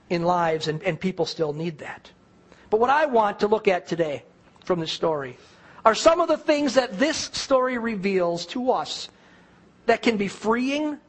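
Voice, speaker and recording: Male pastor, high for a man, earnest storytelling sermon delivery. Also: fairly bright tone. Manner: earnest, storytelling preacher, addresses congregation directly.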